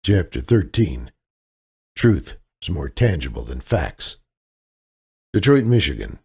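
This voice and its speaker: Deep, gravelly male audiobook narrator. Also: sing-song, takes it slowly, warm tone. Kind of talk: scripted narration.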